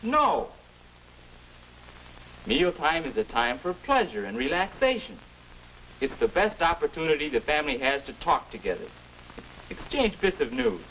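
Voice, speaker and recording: A man's voice: on the high side, fairly bright tone, a little hiss or hum, low-quality recording. A man playing an earnest 1950s lecturing future self. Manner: earnest, instructive. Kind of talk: 1950s educational film narration.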